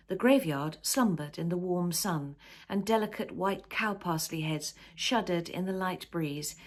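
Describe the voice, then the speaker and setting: Woman reading her own novel aloud. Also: fairly low pitch. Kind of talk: storybook narration.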